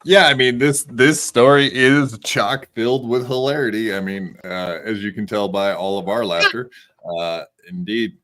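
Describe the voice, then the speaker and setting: A man's voice: lowish voice, normal speed, a bit bright. A man hosting a podcast, chatting casually with crude jokes and lots of fillers. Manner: crude joking, many fillers. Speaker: podcast host.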